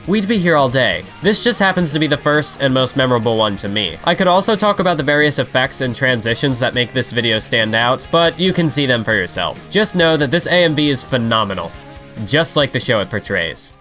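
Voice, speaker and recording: A young man with a bright, forceful voice reads a scripted review voice-over at an ordinary pitch. He is analytical and breaks into enthusiasm now and then. Soft music plays quietly behind him. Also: sing-song, brisk. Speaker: video reviewer.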